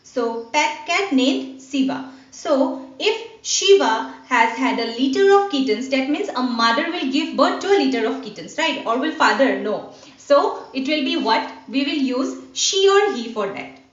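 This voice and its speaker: A woman's voice: sits high, animated, measured pace, recorded from a distance. A woman teacher with an Indian English accent, explaining a grammar lesson step by step and answering her own questions. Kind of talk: online class lesson. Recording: dull, roomy sound from off-mic.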